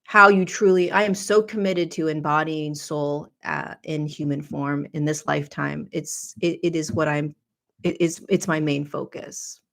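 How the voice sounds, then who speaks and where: A woman's voice: deep voice, fairly even intonation, measured pace, vocal fry, a bit bright. A woman podcast host telling a personal spiritual story in an earnest, confessional way.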